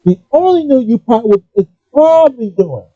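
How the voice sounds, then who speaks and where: A man ranting casually about gaming and pausing often to apologize for his language. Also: very high voice, dry recording. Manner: animated, apologetic asides, restarts. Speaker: gaming commentator. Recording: dull lo-fi, dry.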